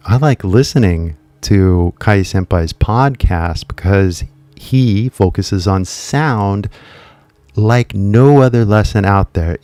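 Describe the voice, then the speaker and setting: A man calmly explaining why he likes a pronunciation course, speaking deliberately and correcting himself as he goes. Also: low voice, no room sound. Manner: slow, deliberate, with self-corrections. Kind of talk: slow casual explanation.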